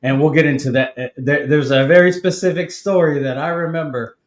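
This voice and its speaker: A man's voice: a little high, a little fast. Male podcast host, enthusiastic casual chat, roomy echo on the voice. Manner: enthusiastic, says "man" a lot.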